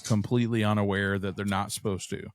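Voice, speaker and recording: A man's voice: fairly low pitch, flat delivery, fast talker, dry recording. A male podcast co-host in casual chat, bluntly telling stories and cussing freely. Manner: blunt, swears a lot, tells stories about his kids.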